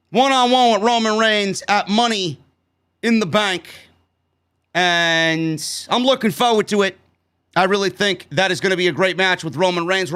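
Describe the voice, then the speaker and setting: High pitched guy ranting about wrestling, swearing nonstop, sharp bright voice. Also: clear, resonant tone. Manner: heated, swears constantly. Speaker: wrestling show reviewer. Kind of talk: profane ranting show review.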